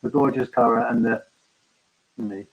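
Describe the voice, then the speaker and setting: Man, farmer host, halting casual live-stream chat, somewhat husky, dull lo-fi audio. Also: mid-range voice, steady tone. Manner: halting, full of ums and restarts.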